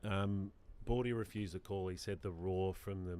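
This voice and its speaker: An Australian man with a lowish voice talks through a live football match in casual chat. He teases his co-hosts and fires off quick, excitable reactions to the play. A faint hiss of noise sits under his voice. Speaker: co-host of a live football watch-along stream.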